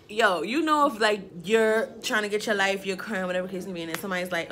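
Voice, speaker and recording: Young woman, storytime vlogger, dramatic and chatty, middle pitch. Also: fast talker, slight background noise. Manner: dramatic, animated storytelling with lots of filler phrases. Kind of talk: casual storytime chat.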